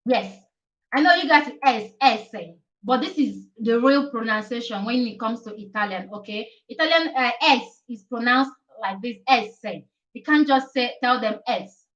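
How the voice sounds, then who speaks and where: A woman's voice: a little high, moderate pace, a bit bright. A woman teaching the alphabet in a casual live stream, chatty and repetitive, often checking in with "okay?". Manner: chatty, repeats letters, asks "okay?" often. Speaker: Italian teacher. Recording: distant dull live-stream audio.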